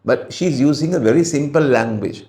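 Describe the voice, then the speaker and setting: A man with a Sri Lankan English accent, teaching English by reading a story aloud and explaining it slowly, with many fillers and restarts. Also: medium pitch, vocal fry, a little mellow.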